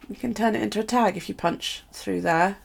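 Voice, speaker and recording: A woman's voice: medium pitch, brisk, creaky, slightly rough. A middle-aged woman with a British accent, chatting casually to viewers while unboxing craft supplies and gushing over them. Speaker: craft live streamer.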